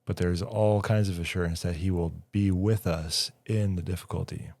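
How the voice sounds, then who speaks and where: A man as a studio guest, speaking in a calm, measured way about faith and hardship. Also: low-pitched, no echo. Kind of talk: reflective conversation.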